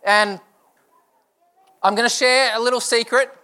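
A young man preaches a sermon, his voice pitched high and bright. He presses his point with one earnest rhetorical question after another. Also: fairly even intonation, unhurried. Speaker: pastor.

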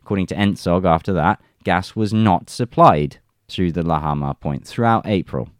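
A man's voice: low voice, normal speed, no room sound, studio quality. A man reading news reports aloud and adding wry, chuckling remarks in casual commentary. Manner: reads reports then jokes and chuckles.

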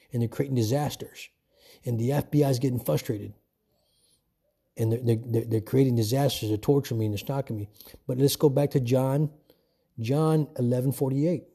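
Husky man preaching in a rambling way. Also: mid-range voice, dark tone. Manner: rambling, repeats words, calls listeners "folks". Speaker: self-made preacher. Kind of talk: informal preaching monologue.

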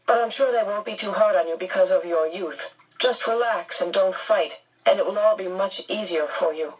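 A woman voicing a calm official man who speaks briskly and matter-of-factly. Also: mid-range voice, slightly rough, far from the mic, close to an everyday voice, rough recording. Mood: reassuring.

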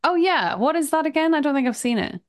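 A woman co-hosting a podcast, chatting casually about a movie, curious and quick to laugh. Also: high-pitched, expressive. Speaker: podcast co-host. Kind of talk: casual movie-review chat.

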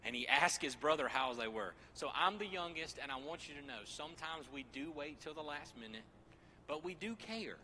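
Preacher in his 30s, jokey casual sermon voice, really bright tone. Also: fairly high pitch, normal speed, slight background noise. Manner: joking, lively asides to the congregation.

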